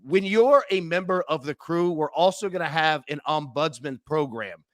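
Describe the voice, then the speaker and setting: A man co-hosting a sports betting show, talking emphatically and fast, leaning on words like "literally" as he pitches. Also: lively intonation, a bit bright, dry recording, studio quality. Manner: fast, emphatic, repeats 'literally'. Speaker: co-host. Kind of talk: excited sales pitch and betting talk.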